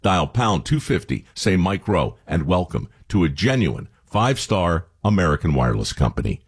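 A man voicing a radio commercial in a folksy, emphatic way, his low voice carrying a husky edge. His pitch swings widely as he stresses the pitch points. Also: very animated, normal speed. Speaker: ad spokesman. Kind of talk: scripted radio ad read.

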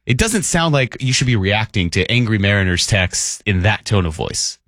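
A man's voice: lowish voice, big pitch swings, moderate pace, a bit bright, no echo. A man co-hosting a morning sports radio show from a studio, joking and reading listener texts aloud in an upbeat way. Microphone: studio microphone.

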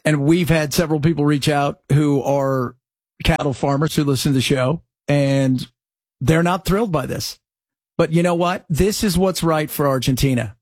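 A man hosting a political talk show, delivering sarcastic, animated commentary. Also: on the high side, normal speed, husky, dry recording. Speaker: radio talk show host.

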